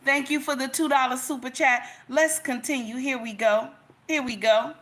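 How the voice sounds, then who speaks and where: Middle-aged woman livestream host, bright voice, emphatic and repetitive. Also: high voice, steady tone, moderate pace. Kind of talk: casual livestream commentary.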